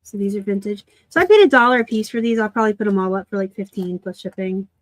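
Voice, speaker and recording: A chatty woman hosting a live thrift unboxing, talking through her finds in a relaxed, joking way. Her voice sits at an ordinary middle pitch and the sound is dry and close, with no room around it. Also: quick pace, no echo. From Arizona. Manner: chatty, laughs easily, self-deprecating asides. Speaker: reseller host. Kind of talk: casual live unboxing chat.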